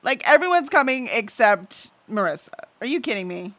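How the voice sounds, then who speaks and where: A woman's voice: on the high side, very animated, moderate pace, bright, forceful tone, no room sound. Chatty woman with a lilt. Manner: chatty and easily sidetracked, trails off with fillers. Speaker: livestream host. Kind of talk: casual livestream chat, reading out chat messages.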